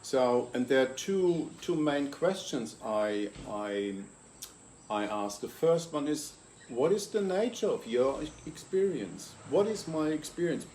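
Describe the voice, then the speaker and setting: Calm man explaining step by step. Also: on the high side, a little slow, slight background noise. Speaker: host and consciousness coach. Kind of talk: reflective interview talk.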